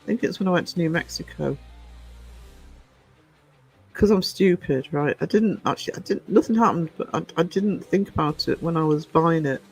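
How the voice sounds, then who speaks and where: British man, rambling livestream chat, a touch high-pitched, faint music behind. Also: moderate pace, breathy edge, rough recording. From United Kingdom. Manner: chatty, rambling, digressive. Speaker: YouTube channel host.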